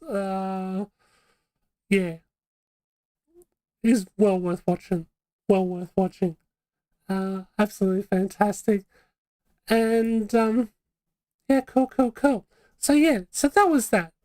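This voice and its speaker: A chatty woman hosts a live stream, talking loosely and circling back on herself as she goes. Her voice is mellow and warm, and the sound is close and dry with no room echo. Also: mid-range voice. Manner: chatty and rambling, many fillers and restarts. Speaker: vlog host. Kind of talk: casual live-stream chat.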